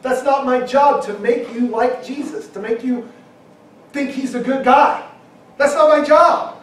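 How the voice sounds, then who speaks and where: High-pitched preacher in an echoey hall. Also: male voice, distant mic. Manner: emphatic, rising to shouts, acting out quoted objections. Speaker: pastor. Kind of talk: sermon. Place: church hall.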